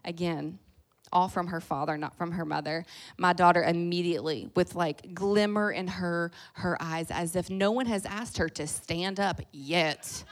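A middle-aged woman with a Kentucky accent, preaching a sermon in a lively, folksy way that swings between loud and soft. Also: lowish voice, a little slow.

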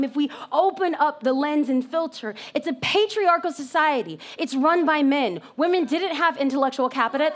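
A woman preaching a sermon in an animated, joking storytelling manner. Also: high-pitched. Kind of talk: comedic sermon.

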